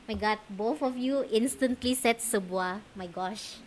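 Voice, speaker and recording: A woman's voice: on the high side, slow, pauses often, slight background noise. A young woman from Malaysia with a Malaysian accent, chatting on a stream in a giggly, rambling way. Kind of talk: casual chat stream.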